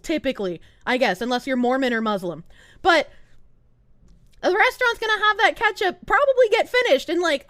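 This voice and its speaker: A young woman streamer from Boston chats and rants at her audience, cursing freely. Her voice sits very high and leaps all over the place with animated energy. The sound is dry and close, like a desk microphone at home. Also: no room sound. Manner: animated, profane ranting. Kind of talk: casual live-stream chat.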